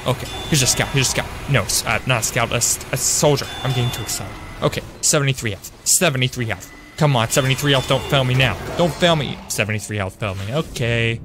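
A young man streams a shooter game live, chatting upbeat with viewers and greeting them by name over music. His medium-pitched voice moves quickly with few pauses. He often corrects himself mid-sentence and trails off with fillers in this gameplay commentary.

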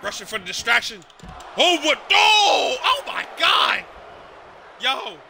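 High, sharp-voiced shouting male commentator. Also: big pitch swings, slow, creaky, some chatter behind, a little hiss or hum. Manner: shouting, exclaiming, swearing. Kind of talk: excited play-by-play commentary.

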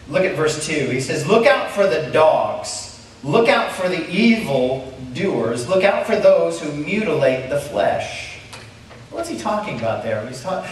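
A man's voice: a little high, distant mic. Guy pastor preaching, asks lots of questions, roomy church sound w faint hiss. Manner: repetitive, asks the congregation rhetorical questions. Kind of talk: sermon.

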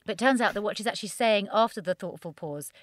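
A woman, a guest comedy writer, chatting casually on a podcast in an excitable, rambling way and laughing often. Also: mid-range voice, fast.

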